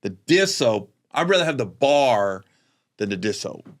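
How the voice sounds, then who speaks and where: A man chatting as a guest on a podcast, telling a story with lively energy, acting out other people's voices and laughing often as he talks. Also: medium pitch, unhurried. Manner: animated storyteller who acts out other voices; laughs often while talking. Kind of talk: casual podcast chat.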